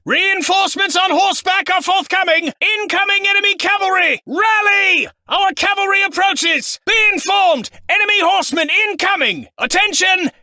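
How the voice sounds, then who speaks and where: A man's voice: no room sound, full character voice. A man voicing a snobby, greedy, self-absorbed noble in a game, with pompous, fussy delivery. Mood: alarmed. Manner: pompous, fussy, high-pitched shouting. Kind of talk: video game voice lines. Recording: dry studio.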